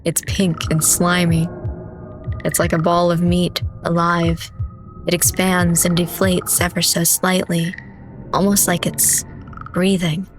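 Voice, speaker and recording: Woman streamer reading a horror game out loud, low and kinda monotone, slow and measured. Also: music in the background. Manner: steady, measured, dramatic narration. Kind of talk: reading a horror visual novel aloud.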